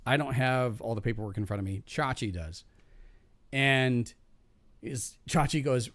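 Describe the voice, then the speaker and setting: A man's voice: medium pitch, normal speed, dry recording. A man hosting a podcast, telling a work story casually, swearing and acting out the people he quotes. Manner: animated, swearing, acts out quoted voices. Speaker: podcast host.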